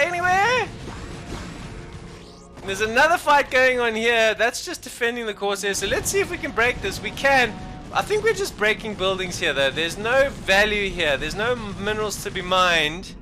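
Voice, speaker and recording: A man casting a strategy game match alone, excitable and jokey, dropping to mumbled asides and then bursting out loud. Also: high voice, normal speed, music in the background. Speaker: esports caster. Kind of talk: solo game commentary.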